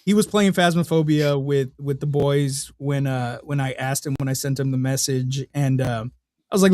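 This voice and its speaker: A young man co-hosting a podcast in casual chat, telling stories in a profane, animated way. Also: mid-range voice, normal speed, no room sound, clean studio sound. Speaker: podcast co-host.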